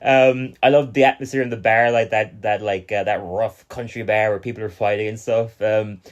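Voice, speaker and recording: A young man with an Irish accent chats casually as a podcast co-host. He is animated and laughs often, and he acts out scenes in lively voices as he talks. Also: fairly low pitch, normal speed, highs cut off.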